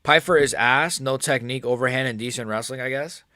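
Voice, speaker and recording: A man's voice: mid-range voice, a little fast, no room sound, clean studio sound. Rambling man chatting on a livestream. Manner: relaxed and rambling, many fillers and restarts. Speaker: livestream host reading chat. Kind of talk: casual live-stream chat.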